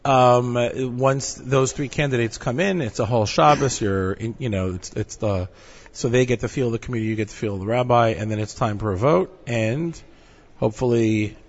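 A man in a mid-range voice leads the interview, talking conversationally and pausing on fillers. His voice sounds dull and carries a long echo. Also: mid-range voice. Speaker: interview host. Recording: echoey dull room audio.

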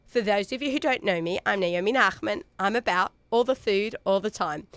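A middle-aged woman with an Australian accent, nasal and a little raspy from a head cold. She chats brightly as a radio food show host, recorded close and dry in a studio with no room sound. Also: medium pitch, moderate pace, dry recording. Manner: chatty, upbeat, with fillers and laughs. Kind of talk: casual radio food talk. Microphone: studio microphone.

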